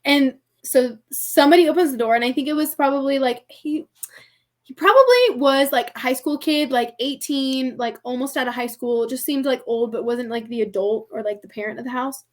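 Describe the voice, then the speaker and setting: A woman's voice: high voice, steady tone, moderate pace. A young woman guest on a podcast, telling a story in casual conversation, chatty and filling her speech with "like". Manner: chatty, heavy use of "like", laughs often.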